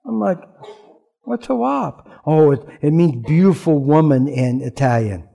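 A man with a fairly high voice delivers a sermon in a relaxed, conversational way. His tone has a noticeable gravelly fry. He slips easily into storytelling and humor between points. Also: measured pace. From rural background. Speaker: pastor.

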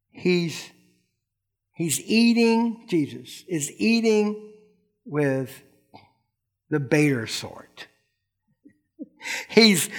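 A man's voice: sits high, a bit bright. A middle-aged male pastor giving a casual, slangy sermon and acting out the people in the story. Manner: folksy, slangy, acts out quotes.

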